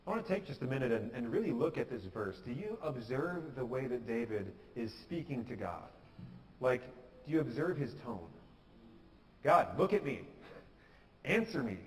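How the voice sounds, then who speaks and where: A man's voice: mid-range voice, lively intonation, normal speed, darkish tone, in a large hall, a little hiss or hum, low-quality recording. A pastor giving an earnest, conversational sermon, sometimes acting out the prayers he quotes. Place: church sanctuary.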